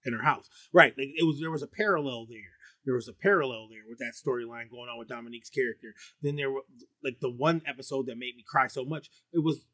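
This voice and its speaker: A middle-aged man with a baritone voice rambles through a loose, profane podcast chat, stoned and full of "like" and "um." His pitch sits mid-range, and the sound is dry and close to the mic. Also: quick pace, fairly bright tone, no echo. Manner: rambling and profane, heavy with fillers and restarts. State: high on marijuana. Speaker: podcast co-host. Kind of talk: casual chat.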